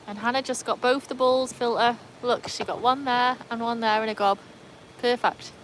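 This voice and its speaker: A woman's voice: on the high side, fairly even intonation, normal speed, slight background noise, rough recording. A woman with an English accent tinged with Welsh, chatting casually on a livestream and answering viewer comments from her backyard. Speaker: livestream host.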